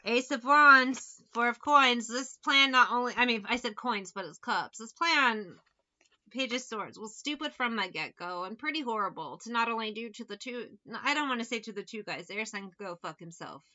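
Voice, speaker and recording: A woman's voice: on the high side, normal speed, sharp tone, muffled recording. A woman giving a casual tarot reading, talking bluntly with plenty of swearing and sarcastic asides. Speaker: tarot reader.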